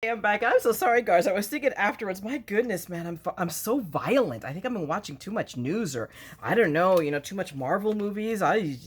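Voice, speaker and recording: A woman hosting a card-making tutorial in casual, rambling chat, loud and full of self-joking asides. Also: mid-range voice, animated, brisk, breathy edge. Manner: loud talker.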